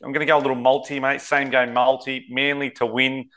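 A man's voice: mid-range voice, level tone, brisk, bright, forceful tone. An Australian man co-hosting a sports betting podcast, talking casually and rambling, saying mate a lot. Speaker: co-host.

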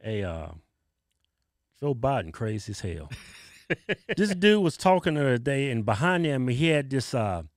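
A middle-aged man co-hosting a casual political commentary show, joking and laughing loudly at his own lines. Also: medium pitch, big pitch swings, moderate pace, long pauses, no echo, clean studio sound. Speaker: co-host.

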